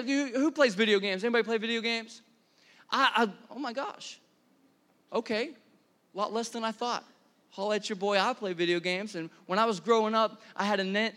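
A pastor in his thirties preaching a sermon to a congregation, energetic and conversational, asking the room questions. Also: high voice. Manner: energetic, conversational, many restarts and audience questions. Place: church hall before a congregation.

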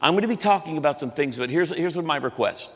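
A man's voice: a little high, lively intonation, fast talker, big-room sound. A man in his fifties preaching a sermon as pastor, in a loose, chatty way, often restarting his sentences. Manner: conversational, self-interrupting, frequent restarts.

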